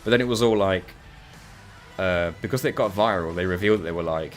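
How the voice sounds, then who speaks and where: A man's voice: deep voice, brisk, faint music behind. A man co-hosting a gaming channel, chatting casually over co-op gameplay and telling rambling stories with acted-out quotes. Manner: rambling, storytelling, acts out quoted voices. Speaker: co-host.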